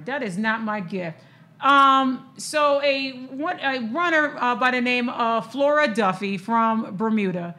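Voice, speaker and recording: A woman's voice: fairly high pitch, animated, slow, sharp tone. A woman, chatting casually about sports news, emotional and full of fillers and restarts.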